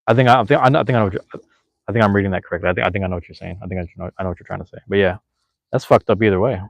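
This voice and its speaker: A man's voice: deep voice, rapid-fire, vocal fry, no room sound. A man in his thirties, a podcast host, rambling and swearing casually while reading chat, with many restarts.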